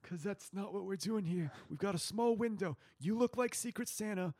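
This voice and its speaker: A man's voice: high voice, moderate pace, crowd noise. A man co-hosting an improvised role-play podcast, laying out a plan in a rambling, playful way. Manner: rambling, playful, plans out loud. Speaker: podcast co-host running the scene.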